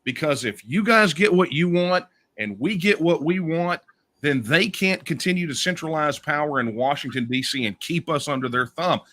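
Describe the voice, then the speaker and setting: A man's voice: on the high side, normal speed, pushed and bright. A man, speaking as an interview guest, making emphatic speech-like points and often tagging them with "right?". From Texas. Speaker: guest, secession campaigner. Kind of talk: political interview.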